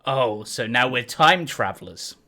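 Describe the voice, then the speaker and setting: A man's voice: medium pitch, expressive, a little slow, sharp tone. A man playing a tabletop role-playing game, speaking in a wry tone and laughing easily. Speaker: player.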